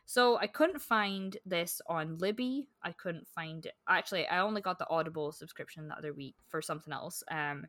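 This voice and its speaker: A woman co-hosting a podcast, chatting casually about books in a rambling, animated way full of fillers. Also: fairly low pitch, moderate pace, few pauses, dry recording, clean studio sound. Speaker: podcast co-host. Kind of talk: casual book-club chat.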